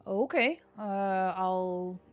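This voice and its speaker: A woman playing a tabletop game who describes her character calmly and matter-of-factly. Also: mid-range voice, extremely slow, over music. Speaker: player. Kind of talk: tabletop role-play.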